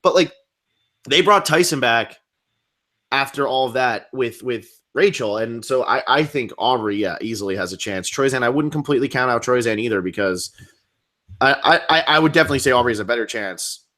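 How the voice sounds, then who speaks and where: A young man co-hosting a casual live podcast, talking quickly in a rambling way, full of fillers and restarts. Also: mid-range voice, animated, pushed and bright. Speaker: co-host of a reality show podcast. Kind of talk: casual live-stream chat.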